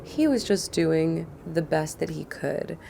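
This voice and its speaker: A woman in her thirties guides listeners through an emotional healing practice, speaking softly and earnestly and slipping into near-whispers. Her voice sits low with a gravelly fry. A faint hiss runs under the recording. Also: animated, slow pace. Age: 30s. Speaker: wellness guide. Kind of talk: casual guided teaching.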